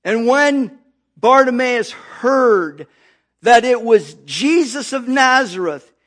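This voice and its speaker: A man delivering a sermon in a high, ringing voice. He takes his time, stretching phrases and pausing so the congregation can follow. He reads scripture aloud with emphatic weight. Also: expressive, fairly bright tone. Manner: slow, emphatic, calling out to the congregation. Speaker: preacher.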